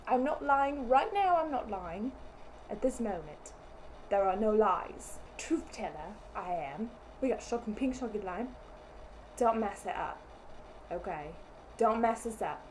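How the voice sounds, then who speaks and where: A woman's voice: sits high, a little mellow, a little hiss or hum, low-quality recording. A woman playing an overwrought female TV sales host who repeats herself constantly, in a comic sketch. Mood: pushy. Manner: repetitive, overwrought, melodramatic. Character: pushy female TV sales host with phony accent.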